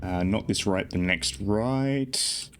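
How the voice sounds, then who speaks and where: A man's voice: fairly low pitch, slow, a little hiss or hum. A sleep-deprived man streaming a driving game, rambling casually with self-deprecating jokes. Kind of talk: casual gameplay commentary.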